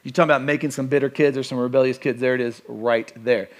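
A man preaching a sermon as pastor, animated and conversational with playful asides. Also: mid-range voice, fast talker.

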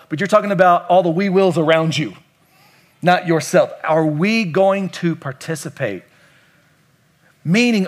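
A man's voice: high voice, fairly bright tone. A middle-aged male pastor from Kentucky, preaching a sermon emphatically and asking the congregation questions. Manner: emphatic, asks the congregation questions and repeats lines.

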